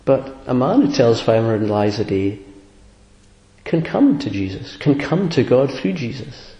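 A man's voice: medium pitch, animated, a little slow, mellow, highs cut off. A man preaching a sermon in an earnest, conversational way, with sudden emphatic rises. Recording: echoey room.

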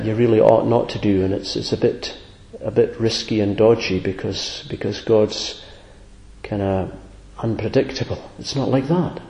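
Earnest preacher in an echoey room. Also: male voice, fairly low pitch, creaky, darkish tone. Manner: earnest, conversational, with sudden emphatic rises. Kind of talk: sermon.

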